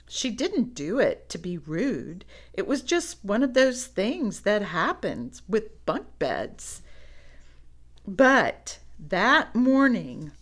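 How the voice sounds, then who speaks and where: A woman reading a children's storybook aloud, with animated asides to young listeners. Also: mid-range voice. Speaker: storybook reader.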